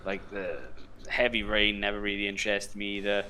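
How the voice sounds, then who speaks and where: A young man co-hosts a casual podcast, rambling about games with plenty of fillers and restarts. His voice is bright and a little tense, and his manner stays easygoing. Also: lowish voice, completely flat delivery, fairly quick. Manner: rambling, filler-heavy, laid-back. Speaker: podcast co-host. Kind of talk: casual chat.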